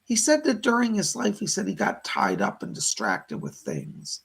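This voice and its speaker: A man with a deeply gravelly, husky voice hosts a live-streamed psychic reading. His pitch moves a lot as he passes on spirit messages and thanks viewers for their donations. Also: wildly swooping pitch, normal speed. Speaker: psychic medium host.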